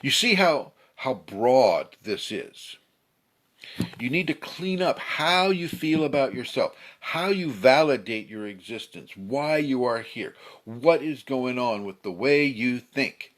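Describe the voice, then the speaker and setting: A man giving a casual spiritual talk, slightly hoarse, who acts out angry people with sudden shouts. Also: mid-range voice, expressive, slow. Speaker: spiritual teacher. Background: a pet bird fluttering.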